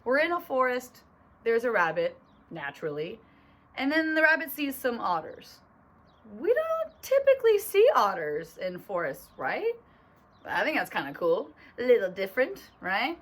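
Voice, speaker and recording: Bubbly young teacher reading aloud. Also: female voice, a little high, huge pitch swings, normal speed, a bit bright. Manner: bubbly and chatty, lots of "right?" asides and giggles. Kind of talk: reading a picture book aloud to children. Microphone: phone.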